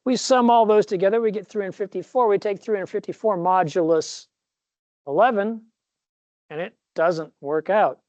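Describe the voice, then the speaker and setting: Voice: medium pitch, moderate pace, a little mellow, dry recording, dull audio. A professor giving a recorded classroom lecture, rambling a little, correcting himself mid-sentence and dropping jokey asides.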